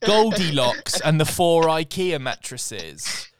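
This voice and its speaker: A man hosting a podcast, telling an animated, sweary story in casual chat. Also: on the high side, slow, crowd noise. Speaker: podcast host.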